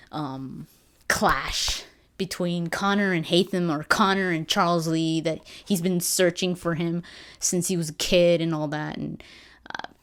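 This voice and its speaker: A woman in her twenties chatting casually about a game she just finished, rambling with fillers and restarts. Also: low-pitched. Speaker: gaming vlogger. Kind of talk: casual game review chat.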